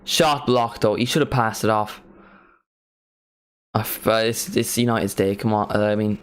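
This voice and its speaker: Low-voiced young man reacting to football. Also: moderate pace, clean tone. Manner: casual, chatty, bursts into excited reactions. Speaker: streamer hosting a match watchalong. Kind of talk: live football watchalong commentary.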